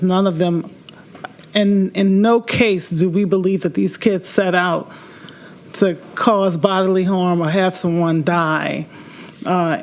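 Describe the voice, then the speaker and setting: A woman state representative giving earnest, impassioned closing remarks on her bill at a committee hearing. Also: on the low side.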